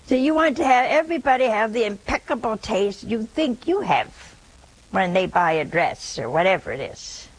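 Husky, lively-voiced nun preaching slowly. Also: female voice, mid-range voice, rough recording. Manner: conversational, rhetorical "see?" questions. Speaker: nun giving a spiritual talk. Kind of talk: sermon-like spiritual talk.

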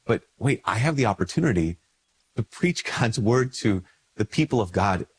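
A man, a priest, talking casually to camera while congested with a cold. He slips into quick little dialogues where his voice lifts. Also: lively intonation, slightly rough. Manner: conversational, acts out little dialogues with lifted pitch. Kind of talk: casual spoken reflection to camera.

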